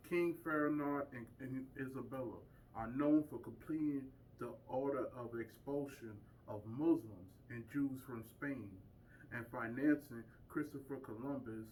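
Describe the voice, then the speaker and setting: A man's voice: medium pitch, far from the mic, slight background noise, rough recording. A man giving an informal lecture to a small group, emphatic and full of rhetorical questions. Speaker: community speaker teaching a group.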